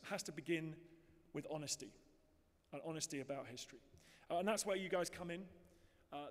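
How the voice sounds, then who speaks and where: A man with an English accent giving an earnest, emphatic speech directly to an audience in a large hall. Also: high-pitched. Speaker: conference speaker. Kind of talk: public speech. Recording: long hall reverb.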